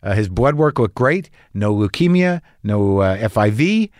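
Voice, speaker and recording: A man's voice: lowish voice, sing-song, a little slow, darkish tone, no room sound, clean studio sound. A man telling a rambling, anxious story in a casual monologue, swearing and restarting often, as a podcast host.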